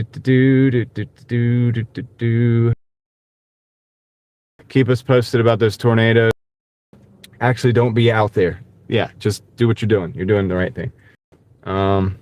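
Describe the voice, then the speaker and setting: A man hosting a casual live stream, talking in a halting, rambling way with many fillers and greeting viewers by name. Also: mid-range voice, clear, resonant tone, dry recording. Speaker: gig-driving livestream host. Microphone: wireless clip-on mic.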